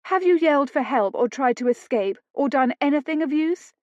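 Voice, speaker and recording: A woman reading an audiobook, voicing a prim, sharp-tongued young lady with frosty indignation. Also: sits high, animated, a little slow, dry recording, voice pushed up. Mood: indignant. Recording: dull dry lo-fi studio read.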